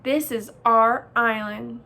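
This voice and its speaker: A woman's voice: a little high, moderate pace, fairly bright tone. A woman voicing a bossy, sarcastic young female bear in a storybook reading, with a sneering tone.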